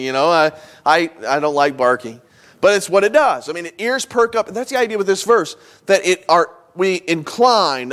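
In a church sanctuary, a pastor delivers a sermon in a conversational way, pausing for emphasis. His male voice is a little high and a bit bright.

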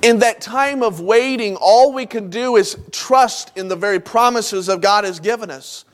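A man preaching a sermon in a folksy, conversational way, moving between loud emphatic lines and soft low asides. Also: normal speed. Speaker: pastor.

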